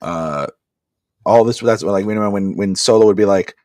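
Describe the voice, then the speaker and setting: A man co-hosting a wrestling podcast, chatting casually and animatedly, acting out wrestlers' lines with sudden shouted bursts. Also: fairly low pitch, moderate pace, dry recording. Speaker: podcast co-host. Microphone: podcast mic on a live stream.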